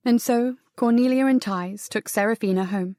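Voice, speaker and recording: A woman narrating a historical romance audiobook, in a measured, even reading with the dialogue softened. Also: on the high side, no room sound, studio quality. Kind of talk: scripted narration.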